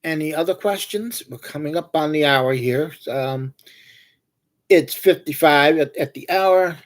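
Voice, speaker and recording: Hosting a livestream, a man chats casually and spins meandering, joking anecdotes in a loose, rambling way. His voice is a little high and his pace a little slow.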